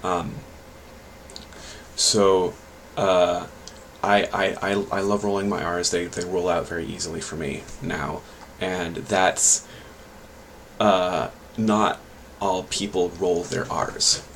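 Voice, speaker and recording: A man with a low voice talks in a casual vlog and shares tips on learning a language. He rambles, hesitates, and restarts his sentences often. A faint hiss sits under his voice. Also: fairly even intonation, slow pace, fairly bright tone, low-quality recording.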